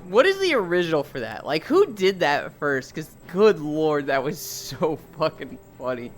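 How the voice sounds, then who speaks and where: A woman's voice: low-pitched, very animated, moderate pace. A woman streaming, chatting casually and telling stories animatedly, swearing freely. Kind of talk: casual chat. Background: faint music.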